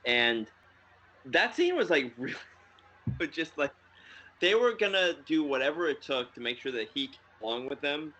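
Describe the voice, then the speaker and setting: A man's voice: fairly high pitch, expressive, normal speed, pushed and bright. A man co-hosting a podcast in casual chat, rambling with many fillers and frequent laughs. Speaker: podcast co-host.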